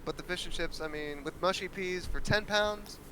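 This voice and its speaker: A man's voice: sits high, normal speed, noisy background. A young man co-casting a live stream, laid-back and joking, swearing casually. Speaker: stream co-caster.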